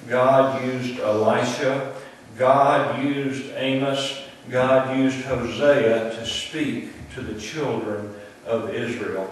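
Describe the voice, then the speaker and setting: A man preaching a sermon, retelling a story slowly and deliberately, with dramatic pauses. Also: medium pitch, a little hiss or hum. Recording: very echoey room, distant mic, faint ambience.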